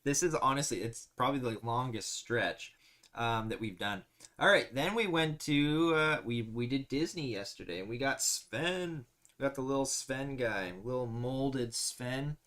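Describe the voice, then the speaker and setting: A man's voice: mid-range voice, measured pace, fairly bright tone. A man hosting a casual live stream, chatting easily and reading viewer comments aloud with frequent laughs. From Canada.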